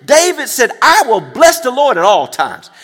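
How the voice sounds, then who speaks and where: Male preacher, very high voice, call-and-response delivery, long hall reverb. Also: huge pitch swings, moderate pace, a bit bright. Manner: emphatic call-and-response, repeats phrases, checks in with listeners. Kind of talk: sermon.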